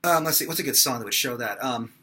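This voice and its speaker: Young guy teaching high notes, super bright voice, lots of ums, chill lesson vibe. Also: fast, slight background noise. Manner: casual, talks with many fillers between demonstrations. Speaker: singing teacher. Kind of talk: vocal lesson with sung examples.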